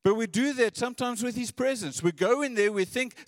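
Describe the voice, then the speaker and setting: A man's voice: extremely high pitch, brisk, no room sound, studio quality, in a large hall. A man preaching a sermon in an earnest, conversational way, often repeating his words.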